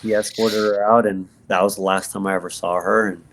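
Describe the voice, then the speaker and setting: A man with a low voice and a gravelly edge tells his own story as a podcast guest. He speaks, earnest and halting, circling back over his words with fillers and restarts. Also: level tone, a bit bright, a little hiss or hum. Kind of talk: personal testimony in conversation.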